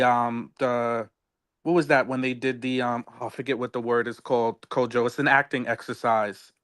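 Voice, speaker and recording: A man's voice: medium pitch, a bit bright, smooth. A man co-hosting a podcast, chatting casually about a reality show, rambling and searching for words with many fillers. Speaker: podcast co-host.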